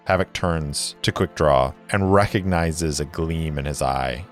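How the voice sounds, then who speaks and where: A man narrating and playing a solo tabletop role-playing game in a deliberate, descriptive way. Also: extremely low pitch. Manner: deliberate, descriptive, with dice-roll asides. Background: faint music.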